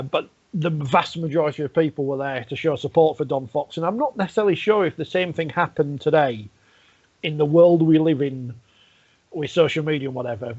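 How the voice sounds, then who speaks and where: Wry host on a dull line. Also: male voice, fairly high pitch, slightly rough. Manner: wry, teasing, laughs between points. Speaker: podcast host. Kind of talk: casual podcast chat.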